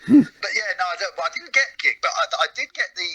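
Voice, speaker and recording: A middle-aged comedian telling stories in a casual interview, reflective and full of hesitant restarts. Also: male voice, sits high, big pitch swings, unhurried, long pauses, bright, forceful tone, rough recording. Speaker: comedian and comedy writer guest.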